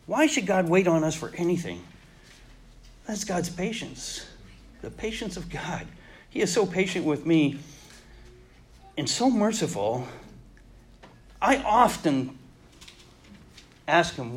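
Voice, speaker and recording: A man preaching a sermon in an earnest way, pausing and restarting, his voice dropping soft when he turns reflective. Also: on the high side.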